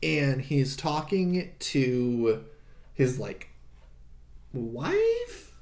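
A man co-hosting a casual podcast, retelling a film's plot in an animated way and acting out the characters' lines. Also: medium pitch, extremely slow. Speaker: podcast co-host recapping a film. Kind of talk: casual chat. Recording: echoey room.

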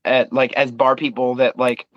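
A man's voice: medium pitch, level tone, normal speed, no room sound, muffled recording. A man who works in bars, talking casually and reflectively, often repeating words while he gathers his thoughts. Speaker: bar worker, co-host. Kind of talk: casual podcast chat.

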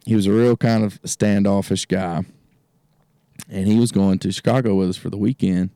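A country music artist appears as a guest in a casual chat at an outdoor gazebo on a cold evening, telling a road story, laughing often, and acting out the voices of its characters. His voice is lowish and dark, captured with clean studio sound and no room sound.

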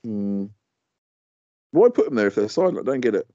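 A man's voice: lowish voice, very animated, moderate pace, warm tone, dry recording. A man co-hosting a podcast in casual chat, grumbling good-naturedly about things that irritate him. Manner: chatty, grumbling about pet peeves. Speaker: podcast co-host. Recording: dull lo-fi podcast audio.

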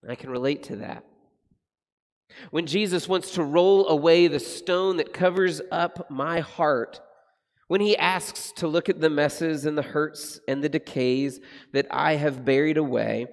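A man preaching a sermon, earnest and reflective, slowing and softening his voice on the solemn passages. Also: on the high side, vocal fry, in a large hall. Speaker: pastor.

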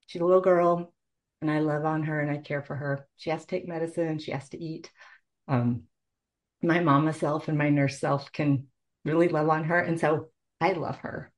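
A woman's voice: deep voice, fairly even intonation, normal speed. A middle-aged woman, a nurse, telling her personal story in an interview in an earnest, heartfelt way. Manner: earnest, heartfelt, tearful at moments. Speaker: guest, nurse.

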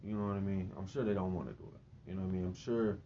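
Low-voiced laid-back male podcast host. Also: fairly even intonation, very fast. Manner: prompting, laid-back questions. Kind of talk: casual interview chat. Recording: dull lo-fi audio with faint noise.

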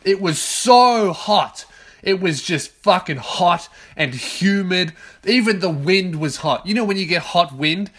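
A man in his twenties with an Australian accent, hosting a casual solo podcast from his bedroom, swearing freely and ranting in loud bursts. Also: sits high, unhurried, breathy edge. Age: 20s. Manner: profane, ranting, loud outbursts. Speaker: podcast host.

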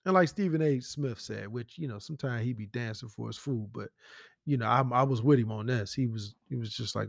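A man's voice: mid-range voice, a little fast, vocal fry, dry recording, studio quality. A man hosting a casual commentary podcast, blunt and profane, firing rhetorical questions at the listener. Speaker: podcast host.

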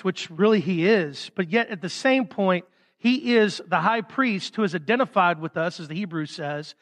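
High-voiced preacher in a reverberant hall. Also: male voice. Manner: emphatic, swings from loud stresses to soft drops. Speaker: pastor. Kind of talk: sermon.

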